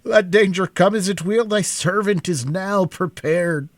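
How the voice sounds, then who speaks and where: A man voicing an aged, grieving Scottish army commander who shouts his orders with anguish, in a Scottish accent, in a storybook reading. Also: high-pitched, unhurried, no room sound, voice pushed up.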